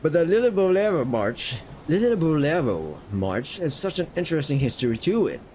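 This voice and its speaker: A man's voice: on the high side, very animated, fairly quick, a little mellow, slight background noise. A man voicing a refined, bookish male painted dog who talks formally and rambles politely about music history. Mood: enthusiastic.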